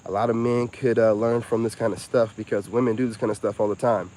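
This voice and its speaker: A man's voice: fairly low pitch, steady tone, fast talker, a little mellow. Brief: man in his 40s, live-stream host, cocky and preachy, faint crickets and traffic behind him. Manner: self-assured, preachy, talks to viewers directly. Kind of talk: casual live-stream monologue.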